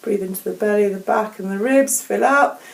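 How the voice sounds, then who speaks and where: A woman leading vocal warm-up exercises in a gentle, encouraging, unhurried way. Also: mid-range voice, gravelly, poor audio. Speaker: vocal coach. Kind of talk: casual instructional talk. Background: keyboard playing.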